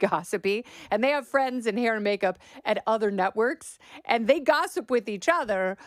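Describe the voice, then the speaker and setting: A middle-aged woman hosts a political podcast, delivering opinionated commentary with a sarcastic bite. Her voice is smooth and crisp, recorded close and dry in a studio with no room sound. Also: on the high side, no echo. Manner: sarcastic, mocks quoted talking points in exaggerated voices. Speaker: podcast host.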